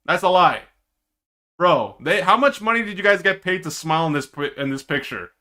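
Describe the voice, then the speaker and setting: A man streaming himself reacting to an esports match, excitable and teasing, with drawn-out dramatic groans. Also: high-pitched. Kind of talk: casual live-stream reaction commentary.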